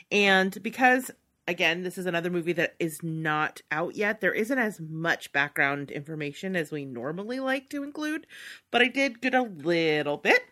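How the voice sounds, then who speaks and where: Bright, lively woman podcast co-host. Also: lowish voice. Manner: chatty, laughs often, upbeat. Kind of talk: casual chat.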